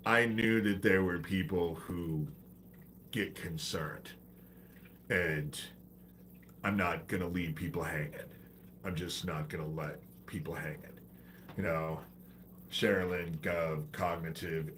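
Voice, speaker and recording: A low-pitched man rants on a livestream, swearing freely and turning preachy between complaints. He has a head cold, and a faint hiss sits under his voice. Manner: profane, exasperated, preachy. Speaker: livestream host. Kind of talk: ranting livestream monologue.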